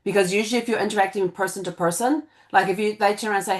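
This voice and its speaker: A woman's voice: mid-range voice, rapid-fire, hardly any pauses. A woman on a video call telling an anecdote animatedly, acting out both sides of a conversation. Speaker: participant. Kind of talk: casual storytelling on a video call.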